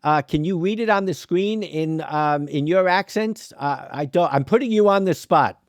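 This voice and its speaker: Podcast host guy, excited, lots of uhs, a bit high voice, dry. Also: moderate pace, no echo. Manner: enthusiastic, with many fillers. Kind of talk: casual podcast chat.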